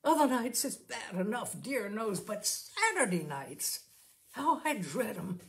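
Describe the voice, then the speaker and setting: A woman's voice: medium pitch, big pitch swings, unhurried. Woman putting on a grumbling older washroom attendant. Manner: complaining, puffing and moaning.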